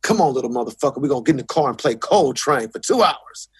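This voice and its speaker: A man voicing his gruff, rough-talking father ordering his young son around. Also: medium pitch, expressive, fast talker, no room sound, clean studio sound. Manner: rough, commanding.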